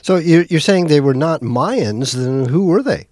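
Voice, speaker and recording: Measured male radio interviewer. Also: on the high side, lively intonation, darkish tone, no room sound, clean studio sound. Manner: brief, measured questions and short backchannels. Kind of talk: interview questions.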